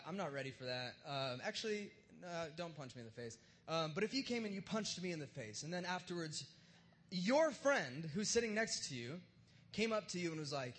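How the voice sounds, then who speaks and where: A man preaching a sermon with a notably high voice. He talks loosely and jokes with everyday slang, like he's chatting with the congregation. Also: a bit bright. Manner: casual and joking, uses slang. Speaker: pastor. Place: church service in front of a live crowd.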